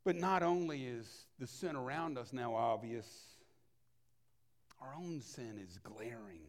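A man preaching a sermon as a pastor, earnest, moving between hushed and emphatic delivery. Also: mid-range voice, expressive, slow pace.

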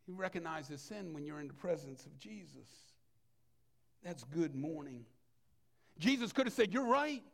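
A man preaching a sermon as a pastor, earnest, moving between hushed and emphatic delivery. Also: on the high side, animated, moderate pace, creaky, long pauses.

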